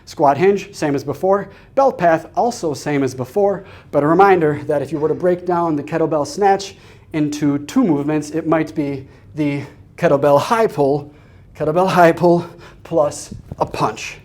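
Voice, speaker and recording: A man coaching a kettlebell workout, explaining each step clearly and energetically as he demonstrates. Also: a little high, moderate pace, a little mellow. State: out of breath during demonstrations. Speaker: fitness coach. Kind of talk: instructional demonstration.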